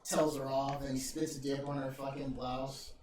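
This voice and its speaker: A man's voice: medium pitch, level tone, moderate pace. A man hosting a podcast, telling stories in casual chat with lots of laughter and swearing. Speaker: podcast host. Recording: roomy, distant mic with faint noise.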